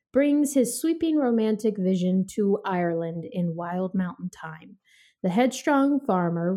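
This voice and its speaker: A woman's voice: medium pitch, mellow. A woman hosting a casual movie podcast, chatty and laughing often, reading a film synopsis aloud. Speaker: podcast host. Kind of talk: casual movie review chat.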